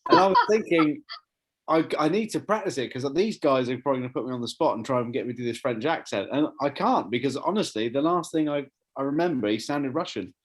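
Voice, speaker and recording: A male podcast co-host chats with real enthusiasm and laughs easily at his own expense. His voice sits at an ordinary mid pitch. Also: animated, fast talker. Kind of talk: casual podcast chat.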